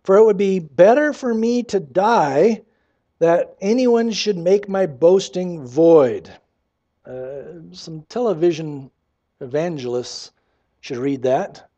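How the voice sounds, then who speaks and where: Man, pastor, sermon, high voice, mellow tone, dull lo-fi church recording. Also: animated, slow pace. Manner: conversational preaching, reads scripture aloud, wry asides.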